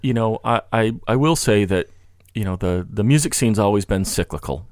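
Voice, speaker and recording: A man with a fairly low voice talks in a loose, rambling way, full of restarts and fillers. It is a casual podcast conversation. The sound is dry and close. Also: lively intonation, normal speed, a little mellow, no room sound. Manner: rambling, many restarts and "you know" fillers.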